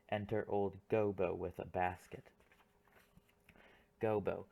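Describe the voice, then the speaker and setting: A man reading stage directions for an audiobook in a plain, unhurried way. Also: fairly low pitch, fairly even intonation, creaky, darkish tone. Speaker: audiobook reader.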